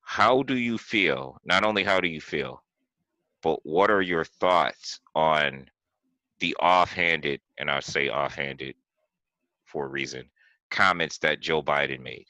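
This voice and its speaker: A man hosting a casual podcast chat, teasing and playful, building up to his questions deliberately. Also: very deep voice, bright, forceful tone, no echo, rough recording. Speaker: podcast host.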